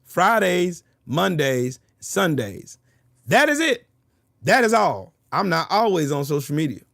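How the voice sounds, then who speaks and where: A man's voice: on the high side, big pitch swings, a little slow, creaky, fairly bright tone, no echo, clean studio sound. A man livestreaming, taunting and mocking someone, repeating his jabs and laughing hard. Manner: repeats phrases over and over. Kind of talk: live stream trash talk.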